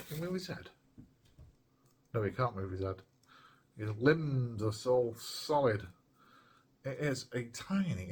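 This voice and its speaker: A man's voice: mid-range voice, a little mellow, a little hiss or hum. A British man chatting casually to camera as he unboxes a small collectible, rambling and joking along the way. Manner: chatty, rambling, playful asides. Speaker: retro gaming vlogger.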